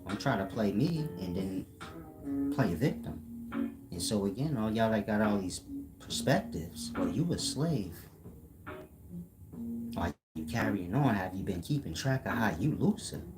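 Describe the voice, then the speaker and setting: Deep-voiced man lecturing his stream chat. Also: animated, a little slow, pauses often. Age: older. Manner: blunt, lecturing, scolding trolls. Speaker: livestream host. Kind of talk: live-stream monologue to chat. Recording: loud guitar music behind.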